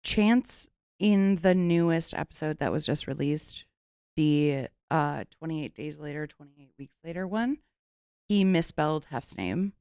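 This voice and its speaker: A woman's voice: low voice, lively intonation, unhurried, darkish tone, clean tone, dry recording, studio quality. A young woman hosting a podcast in casual chat, playful, laughing often and swearing freely. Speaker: podcast host.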